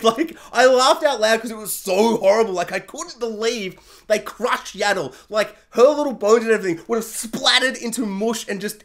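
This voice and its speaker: A young man reviewing a series in a casual, jokey rant, acting out quotes in high, excited voices.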